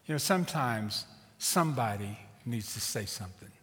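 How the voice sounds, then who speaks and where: A middle-aged man preaching a sermon as a pastor and telling a story in an animated, conversational way. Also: medium pitch, moderate pace. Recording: reverberant hall.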